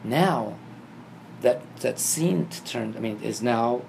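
A man casually telling a vivid dream story, acting out the scenes and getting animated and higher when excited. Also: takes it slowly, vocal fry. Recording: noisy background ambience.

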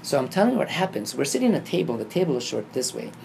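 A man casually telling a vivid dream story, acting out the scenes and getting animated and higher when excited. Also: racing, vocal fry. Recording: noisy background ambience.

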